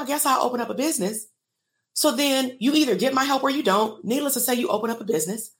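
A woman in her thirties, a therapist and business coach, talking candidly and emotionally to viewers in a live stream and asking them to comment. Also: mid-range voice.

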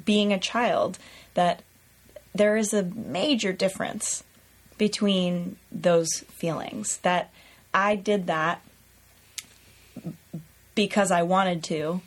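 A woman co-hosting a podcast, reflecting in a thoughtful, measured way. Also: on the low side. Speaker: podcast co-host. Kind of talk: reflective conversation.

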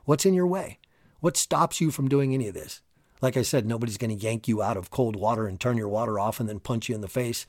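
A man hosting a solo motivational podcast, talking in an energetic, emphatic, casual coaching tone. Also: mid-range voice, no echo, clean studio sound. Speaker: podcast host.

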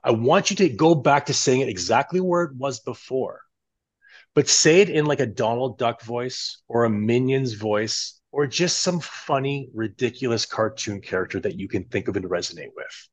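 A man speaks as a coach in a podcast conversation, walking his listeners through an exercise with lively, instructive energy. His voice sits in an ordinary middle register for a man. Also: medium pitch, normal speed.

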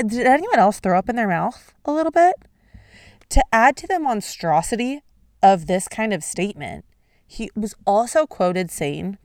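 A woman hosting a solo podcast in a casual, expressive way, swearing and laughing at her own stumbles. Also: medium pitch, no echo, studio quality. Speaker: podcast host.

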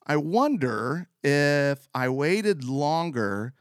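A man voicing his older brother musing slowly to himself while hiding under a bed. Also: fairly high pitch, sing-song, no room sound, clean studio sound, full character voice. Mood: scheming.

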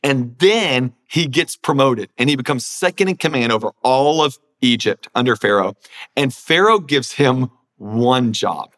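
A man talking as a guest pastor, with an earnest, preacherly way of speaking and a middle-pitched voice. He sometimes acts out what people think to themselves, and he leans into his points with conviction. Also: fairly bright tone. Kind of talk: conversational preaching.

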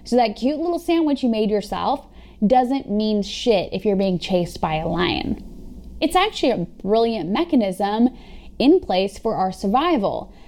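A woman's voice: medium pitch, big pitch swings, a little slow, mellow. A young adult woman health coach explaining a topic on her solo podcast in a casual, upbeat way, talking straight to her listeners and swearing now and then. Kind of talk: solo podcast teaching talk.

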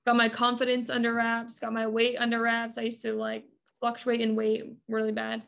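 Gravelly higher-voiced woman, earnest storyteller. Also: completely flat delivery, moderate pace, fairly bright tone. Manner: earnest, chatty storytelling with many fillers. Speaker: podcast guest. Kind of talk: casual interview talk.

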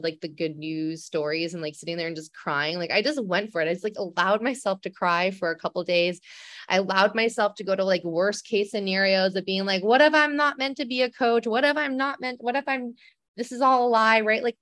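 A woman's voice: medium pitch, no echo, clean studio sound. A young adult woman, a coach and podcast host, telling a personal story in a candid, rambling way with many fillers.

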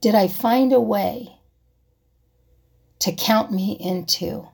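A woman's voice: medium pitch, slow pace, gravelly, husky. A woman talking reflectively to camera, asking herself a string of questions and sometimes dropping to a whisper. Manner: asks herself rhetorical questions, drops to soft whispers. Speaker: vlogger. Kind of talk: reflective personal talk.

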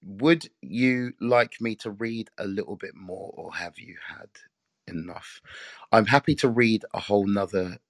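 A man with an English accent hosts a casual live audio room, chatty and rambling as he talks and reads aloud. His voice sits low, with a gravelly edge and a dry, close sound. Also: no room sound. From England.

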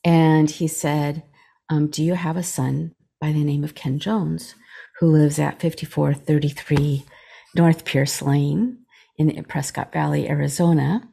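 A middle-aged woman guest speaks with a low, mellow voice that has a gravelly edge. She tells a personal story haltingly, full of fillers and restarts, and voices the dialogue as she recalls it. Her tone is husky rather than crisp. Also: steady tone. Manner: halting retelling, many fillers and restarts, acts out quoted dialogue. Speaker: podcast guest, chaplain.

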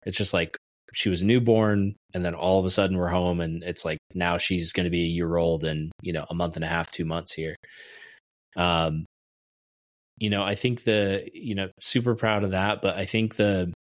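A man's voice: low-pitched, steady tone, moderate pace, dry recording. A man in his thirties co-hosting a podcast, talking about his family in a reflective, rambling way with many restarts. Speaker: podcast co-host. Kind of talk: casual chat.

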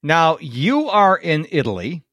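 A man's voice: a little high, unhurried, no echo, clean studio sound. A man from Western New York hosting a podcast, chatting casually and telling stories with enthusiasm. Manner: chatty, enthusiastic, animated storytelling. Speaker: podcast host. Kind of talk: casual interview chat.

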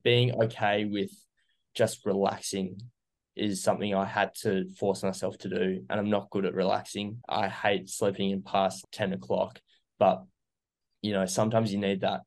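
A young man talks earnestly about what he learned, pausing on fillers as he goes. His low voice has a gravelly edge and stays fairly level in pitch, with little rise and fall. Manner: earnest, reflective, many fillers. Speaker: guest sharing recovery story. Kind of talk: casual interview.

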